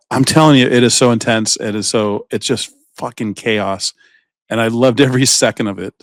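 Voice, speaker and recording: A man's voice: mid-range voice, dry recording, studio quality. Rambling casual podcast co-host man. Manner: rambling, many fillers and tangents. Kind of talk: casual chat.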